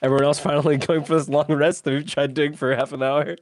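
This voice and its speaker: A man's voice: on the high side, flat delivery, fast talker, no room sound, clean studio sound. A man playing a tabletop game, describing his character's actions in a rambling, filler-heavy way, laughing as he goes. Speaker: player. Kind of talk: casual tabletop role-play.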